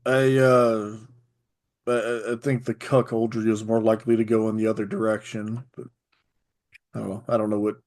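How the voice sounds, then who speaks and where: A man's voice: lowish voice, level tone, moderate pace, a little mellow. Wry male podcast co-host. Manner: dry, wry asides. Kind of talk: casual chat.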